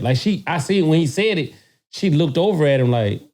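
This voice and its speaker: A man telling a story in a casual podcast chat, animated and profane, often repeating words as he gets worked up. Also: fairly high pitch, fairly quick.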